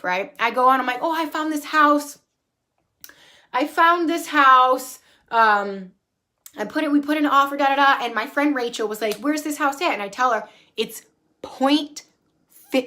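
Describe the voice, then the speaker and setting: A woman in her thirties telling a story about her home in a casual, animated and profane way, recorded on her phone at home. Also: high voice. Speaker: spiritual coach and vlogger. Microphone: phone camera.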